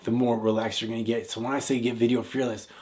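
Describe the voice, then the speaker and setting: A man's voice: mid-range voice, level tone, fast talker, darkish tone. A man giving a seated, direct-to-camera coaching tutorial, talking conversationally and often checking in with "all right?". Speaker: video confidence coach. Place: indoors, seated.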